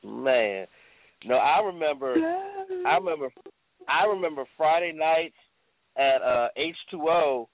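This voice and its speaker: A man's voice: fairly high pitch, big pitch swings, measured pace, creaky, long pauses, no echo. A man hosting an online radio talk show, chatting casually and loosely with lots of slang and fillers. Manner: laid-back, slangy, rambling with fillers. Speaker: podcast host. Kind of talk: casual internet radio chat. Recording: tinny phone-like line.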